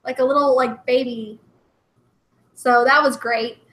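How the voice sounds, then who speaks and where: Brief: high, bright young woman, giggly rambling chat host, echoey room. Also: normal speed, heavy background noise. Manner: giggly, rambling, full of "like" fillers. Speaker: livestream co-host. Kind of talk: casual chat. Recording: roomy echo.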